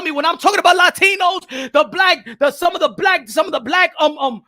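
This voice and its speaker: A man hosting a boxing commentary channel in a loud, profane, shouting rant that switches between English and Spanish. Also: very high voice, fairly quick, hardly any pauses, no room sound, studio quality. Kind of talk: ranting video commentary.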